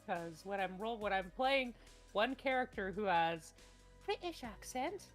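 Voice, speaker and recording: A woman's voice: mid-range voice, lively intonation, unhurried, soft background music. A woman running a tabletop game as game master, chatting casually and rambling with many restarts. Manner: rambling, restarts often, bursts into loud laughter. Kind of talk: casual chat on a voice call.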